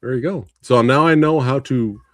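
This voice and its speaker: A man's voice: medium pitch, moderate pace, a crowd in the background. A man hosting a casual movie discussion show, upbeat and playful, laughing often. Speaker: podcast host.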